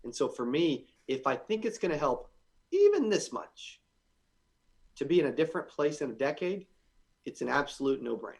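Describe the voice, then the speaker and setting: A man's voice: mid-range voice, expressive, fast, creaky. A man in his twenties, a guest on a podcast, talking energetically and often repeating words as he starts a thought. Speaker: guest entrepreneur. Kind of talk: casual interview conversation.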